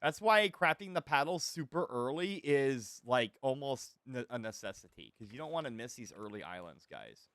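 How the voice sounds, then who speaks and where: A man streaming a survival game, giving animated, swear-laden commentary and chatting with his viewers. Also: mid-range voice, moderate pace, few pauses, no room sound. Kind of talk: live gameplay commentary.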